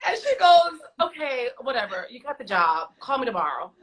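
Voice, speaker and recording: A woman on a video call, chatty and animated, telling her stories with slangy asides and acted-out voices. Her tone is bright and forceful, and her pitch sits a touch high. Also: normal speed, a little hiss or hum, poor audio. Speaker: guest singer. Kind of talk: casual storytelling.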